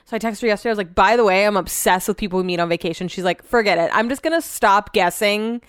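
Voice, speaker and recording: Chatty young woman with a clear voice. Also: medium pitch, quick pace, no room sound, studio quality. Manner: chatty, self-deprecating, laughs often. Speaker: podcast host. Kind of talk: casual solo podcast chat.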